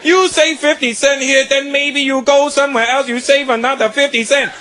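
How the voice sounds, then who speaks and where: A man voicing a stubborn male shopkeeper haggling over a price in broken English, recorded live over loud crowd laughter. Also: extremely high pitch, huge pitch swings, rapid-fire, noisy background, pitched above the performer's own voice, heavily acted. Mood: lecturing.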